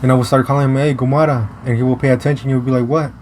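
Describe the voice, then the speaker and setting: A young man from the United States telling a personal story in a casual vlog, halting and restarting often, blunt and profane. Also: mid-range voice, flat delivery, noisy background. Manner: rambling, halting with many restarts and fillers.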